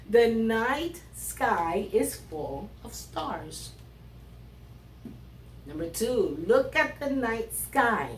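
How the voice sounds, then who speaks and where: Slow, roomy-sounding woman teacher. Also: on the high side, far from the mic, slight background noise. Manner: reads riddles aloud with animated emphasis. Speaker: third grade teacher. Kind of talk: classroom lesson. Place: classroom. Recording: roomy sound from away from the mic, faint ambience.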